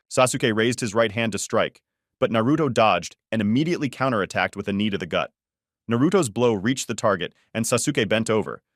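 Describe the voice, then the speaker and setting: A man reads a fan story aloud in a flat, even narration. His voice sits low and the sound is dry, with no room around it. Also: no room sound.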